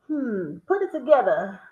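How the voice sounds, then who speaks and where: Woman, Southern accent, slow drawl, teasing game host, roomy echo, lo-fi. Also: on the high side, warm tone. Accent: Southern American. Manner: teasing, laughs often, drawls words out. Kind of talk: playful group word-game chat. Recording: echoey room, dull lo-fi sound.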